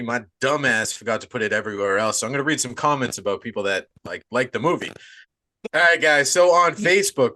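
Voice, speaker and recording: A man's voice: mid-range voice, bright, forceful tone, no room sound. A man hosting a horror movie podcast in loose, casual chat, swearing freely and joking around. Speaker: podcast host.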